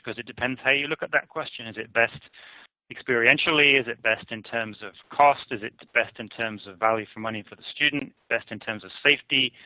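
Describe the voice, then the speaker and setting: A man giving a measured, analytical conference presentation on survey findings. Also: medium pitch, dry recording. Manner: measured, analytical, hedges with "I would argue". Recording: tinny phone-like dry audio.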